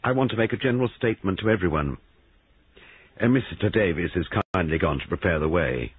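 A persistent, formal police sergeant, as a man reads him in an audiobook, with a low, husky voice that rises and falls with lively emphasis. The sound is dry and thin, like a tinny band-limited recording. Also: a little fast, no echo. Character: brisk police sergeant investigating a murder.

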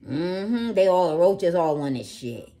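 A woman doing a casual tarot reading to camera, cursing freely and swinging from low murmurs to loud ranting. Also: lively intonation, unhurried. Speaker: tarot reader.

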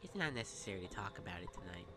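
A man voicing a gentle mother with a lisp in a game. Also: low voice, sing-song, very fast, background noise.

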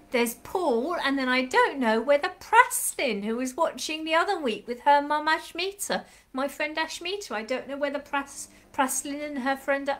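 A woman with a fairly high voice leads a children's class on a live stream. Her throat is a little sore and croaky, and she chats along brightly and encouragingly, greeting each child in a sing-song way. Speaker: children's club leader. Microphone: live stream webcam.

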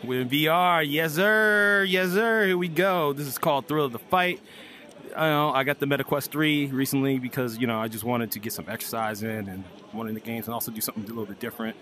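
A man from the Washington DC area, out of breath, hosting hyped VR boxing gameplay commentary full of loud, playful trash talk. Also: mid-range voice, steady tone, fast talker, a little hiss or hum. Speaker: gaming channel host. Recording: voice over loud game music. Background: loud music.

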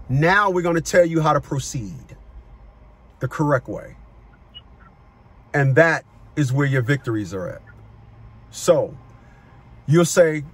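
A middle-aged man who coaches people on child support, talking forcefully on a call, cursing and repeating words as he starts sentences. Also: a little high, expressive, measured pace, pauses often, husky. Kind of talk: phone consultation with a caller.

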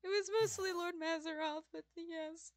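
A woman's voice: very high voice, fairly even intonation, normal speed, dry recording, studio quality. A woman voicing a timid, nervous young man who stammers and apologizes as he sobs.

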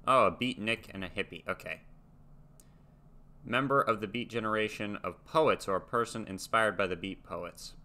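He's a young American man hosting a reaction video, speaking at a normal speed in a lowish voice with a sharp tone. He reads facts aloud casually, muses, and trails off.

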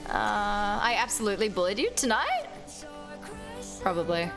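A woman's voice: mid-range voice, sing-song, moderate pace. A woman streaming a game live, chatting casually, swearing freely and singing along in bursts. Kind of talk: casual livestream chat while gaming. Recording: music playing under the voice.

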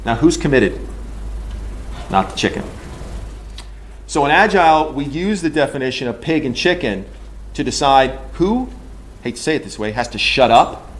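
A man in charge of a large engineering team gives an animated, joking conference talk in a ranting manner. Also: medium pitch, moderate pace, pauses often, a little hiss or hum. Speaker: engineering leader. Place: conference room.

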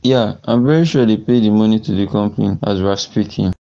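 A guarded young businessman with a Nigerian accent, speaking in a measured way as he recovers, voiced by a man. His voice is low, dark and gravelly. The sound is dull and lo-fi. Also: natural voice.

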